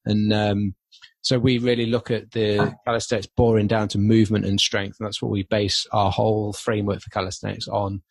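A man's voice: lowish voice, flat delivery, brisk, creaky, no echo. Friendly man explaining calisthenics. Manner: friendly, explanatory, with frequent ums. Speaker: calisthenics coach, podcast guest. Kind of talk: casual podcast interview.

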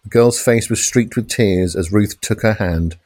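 A man reads a police thriller in steady, dramatic narration. His voice sits on the low side and sounds dry and close, with no room around it. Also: no room sound. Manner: measured, dramatic crime reading with shouted police lines. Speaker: audiobook narrator. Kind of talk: scripted narration.

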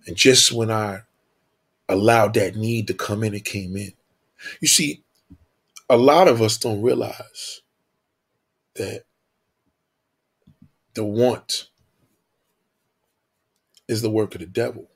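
A man's voice: on the low side, measured pace, pauses often, slightly rough. A man telling a preachy story in a profane, emphatic way, repeating his points.

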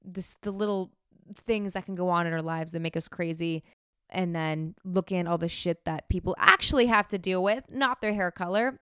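A woman's voice: lowish voice, fairly bright tone, smooth, dry recording, studio quality. A woman hosting a podcast, talking frankly and chattily about herself in a candid self-help monologue. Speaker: podcast host.

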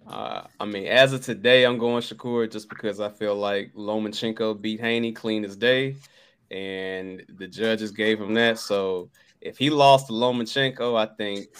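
A man co-hosting a podcast in casual chat, relaxed and laughing often. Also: on the low side, a little slow. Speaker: podcast co-host. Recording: clear background noise.

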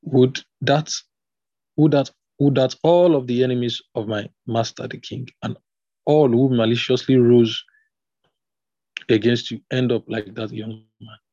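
A man reading the lines of a male runner reporting a victory to the king, in a husky voice. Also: medium pitch, normal speed, warm tone, no room sound, highs cut off, lightly acted. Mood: eager. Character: eager male runner bringing battle news.

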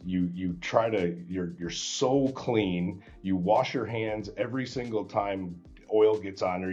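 A man guest on a podcast, telling a story in a casual, animated way and acting out the dialogue with many restarts. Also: low voice, lo-fi sound.

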